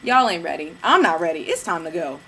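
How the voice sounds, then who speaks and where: A young woman from Georgia, telling a story in a casual vlog rant, animated and sassy, slipping into mimicked asides. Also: lowish voice, a little fast, slightly rough. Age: young adult. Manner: animated, mimics people in asides, sassy slang, bursts of cackling laughter. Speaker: vlogger.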